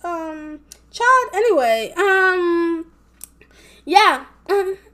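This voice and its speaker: A woman's voice: very high voice, lively intonation, extremely slow, a bit bright. A young woman rambling casually in a vlog, packing her talk with fillers and swearing a lot. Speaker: vlogger.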